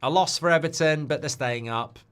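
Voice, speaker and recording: A man's voice: on the high side, brisk, fairly bright tone, smooth. A man hosting a live football watchalong stream, chatting off the cuff and answering viewer requests. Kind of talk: live-stream casual chat.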